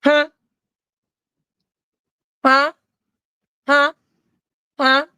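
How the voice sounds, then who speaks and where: A woman's voice: high voice, flat delivery, drawn-out words, bright, forceful tone, no room sound. A middle-aged woman, delivering a profane, confrontational livestream rant with repeated taunts. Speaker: livestream commentator.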